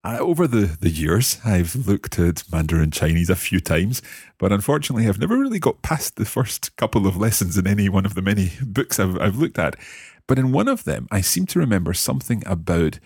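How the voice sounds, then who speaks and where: Low husky-voiced male lesson host. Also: big pitch swings, a little mellow, no echo, clean studio sound. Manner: curious, repeats phrases slowly to practise. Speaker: language lesson host and learner. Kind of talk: podcast language lesson.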